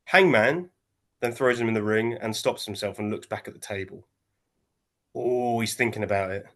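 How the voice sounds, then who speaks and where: A man, co-hosting a casual wrestling chat and retelling a match in an animated way, jumping into quoted voices. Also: on the low side, normal speed. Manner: animated storytelling, acting out quotes in shifting voices. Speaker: wrestling podcast co-host.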